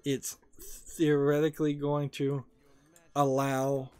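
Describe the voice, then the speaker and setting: A man's voice: medium pitch, monotone, slow, darkish tone, clear, resonant tone, dry recording. A man casually talking over his gaming video as a small YouTube creator, rambling and hesitant with many fillers, a little sleepy.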